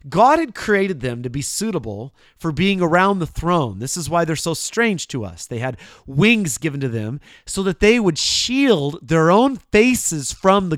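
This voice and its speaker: A man preaching a sermon, addressing the listener directly, moving between hushed asides and loud proclaimed lines. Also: fairly high pitch, no room sound, studio quality.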